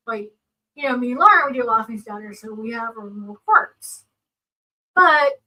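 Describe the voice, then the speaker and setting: Bright high-voiced woman, distant mic. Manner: earnest, explanatory, gives personal examples. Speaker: seminar co-presenter. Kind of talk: casual panel talk.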